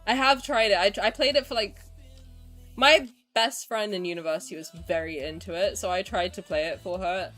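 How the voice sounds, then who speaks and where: A woman in her twenties chatting casually on a stream, answering chat in an animated way, swearing freely and swinging between low mumbles and loud outbursts. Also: normal speed, faint music behind. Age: 20s.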